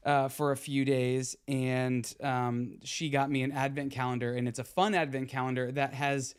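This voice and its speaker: A man hosting a podcast, talking in a loose, rambling way with lots of ums and restarts. His voice sits at an ordinary middle pitch, relaxed and conversational. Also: moderate pace, clean tone. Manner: rambling, many fillers and restarts. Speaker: podcast host. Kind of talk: casual chat.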